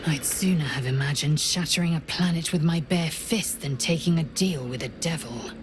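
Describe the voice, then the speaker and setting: A woman's voice: sits low, normal speed, noisy background, natural voice. A woman voicing a fierce, proud, blunt alien warrior woman in video game dialogue, speaking in a stern, clipped manner. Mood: resolute.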